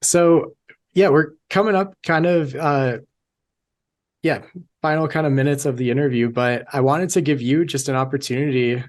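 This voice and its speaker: A man hosting a podcast interview, speaking gently and haltingly with many pauses and fillers. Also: a little high. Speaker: podcast host. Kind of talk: casual interview.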